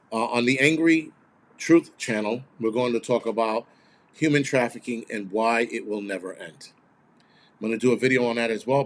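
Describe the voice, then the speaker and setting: A man hosting his own channel, talking in a blunt, heated, profanity-laden rant straight to his viewers. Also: mid-range voice. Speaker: host of a prepper channel. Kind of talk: casual ranting video monologue.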